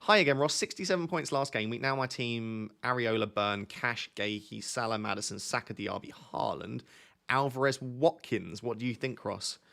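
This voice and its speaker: A young man with a gravelly edge hosts a relaxed live stream at his desk mic. He jokes freely and reads viewer comments aloud in a casual, chatty way. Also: medium pitch, normal speed. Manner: joking, reads chat aloud. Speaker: FPL streamer.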